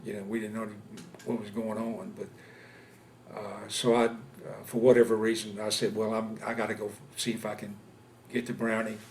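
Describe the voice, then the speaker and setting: A man in his seventies from Louisiana, recounting his war experiences in an oral history interview, speaking haltingly with many pauses and fillers. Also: fairly low pitch, flat delivery, a little hiss or hum. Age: 70s. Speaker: veteran interviewee. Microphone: interview camera setup.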